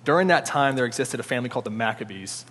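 A man giving a conversational sermon, informal and animated, often restarting his sentences. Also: mid-range voice, very fast. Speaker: preacher. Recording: long hall reverb.

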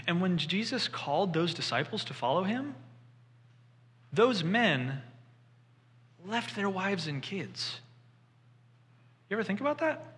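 A man delivers a sermon to a room of listeners, retelling a scripture story and slipping into the voices of the people in it. His voice is bright and forceful, and it rings out with the long reverb of a big hall. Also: fairly high pitch. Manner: animated storytelling, voices quoted figures. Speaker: preacher.

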